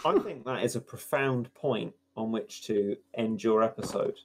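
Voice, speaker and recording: A man's voice: on the low side, moderate pace, creaky, a little mellow. A man chatting during a game, wry and rambling, spinning mock-profound musings. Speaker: gaming partner. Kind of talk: casual gameplay chat.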